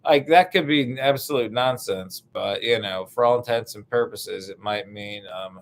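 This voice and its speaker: A man's voice: mid-range voice, unhurried. Rambling, profane young man doing stand-up. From United States. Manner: meandering, profane, lots of fillers, sudden shouted bits. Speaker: stand-up comedian.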